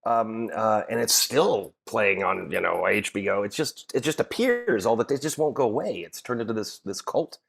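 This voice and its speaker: A middle-aged man with a fairly low voice, telling stories in a relaxed podcast chat. He fills his sentences with fillers and restarts, and laughs often as he goes. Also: normal speed, gravelly, hardly any pauses, husky. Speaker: podcast guest, actor. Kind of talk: casual chat.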